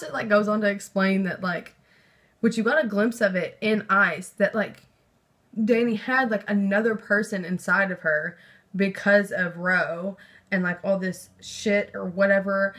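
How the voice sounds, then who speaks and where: Young woman, casual book vlogger, rambling and hyped, mid-pitched. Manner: rambling and excitable, with lots of fillers and swearing. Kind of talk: casual book review chat.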